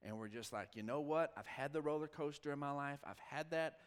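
A man preaching a sermon, voice pitched a touch high and carried by the long reverb of a large church hall. He tells his story with animated quoted dialogue and sudden drops to a near whisper. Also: a little fast, clean tone. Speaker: pastor. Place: church sanctuary.

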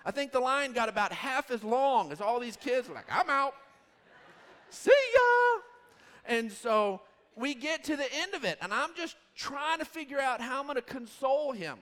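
In a storytelling sermon, a thirtysomething pastor speaks at normal speed in a bright, high voice. He wanders through his tale with rising animation, and the church hall lends his voice a long reverb.

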